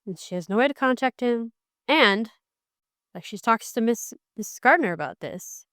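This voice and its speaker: Young woman ranting about a book, smooth voice, wry, dry close mic. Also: a little high, moderate pace, no room sound. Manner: animated, wry, restarts sentences. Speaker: book reviewer. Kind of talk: casual book review chat.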